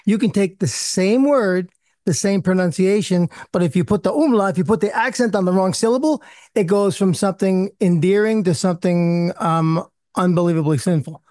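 A man's voice: high voice, normal speed, darkish tone, dry recording, clean studio sound. A man hosting a casual discussion, chatty and self-deprecating, often restarting his sentences.

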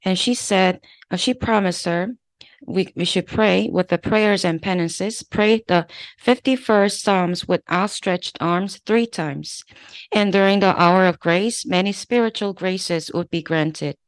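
Korean-accented nun reading slowly. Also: female voice, on the low side, no room sound. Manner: slow, careful reading with small restarts. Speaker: religious sister. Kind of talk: reading devotional texts aloud.

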